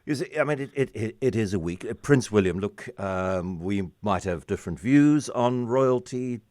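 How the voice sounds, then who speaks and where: An older man hosts a radio chat, his voice sitting low and deep. He talks in a chatty, joking way, often stumbling and restarting. The studio sound is dry and close. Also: animated, moderate pace, a little mellow, no echo. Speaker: radio host. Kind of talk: casual radio interview.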